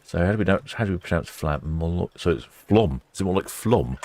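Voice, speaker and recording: A man's voice: low voice, steady tone, very fast, darkish tone. A man hosting a live stream, chatting casually, musing aloud and wryly reading out viewer comments.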